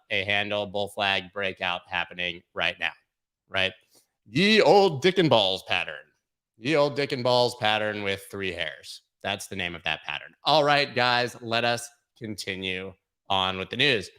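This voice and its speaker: A man hosting a crypto market show, giving brash, joking, excitable live commentary on price charts. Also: on the low side, clear, resonant tone.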